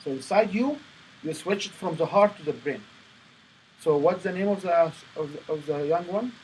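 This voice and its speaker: A man coaching a student on stage presentations, speaking in halting phrases with many restarts. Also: on the high side, a little mellow, slight background noise, rough recording. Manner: non-native phrasing, repeats and restarts. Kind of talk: coaching session.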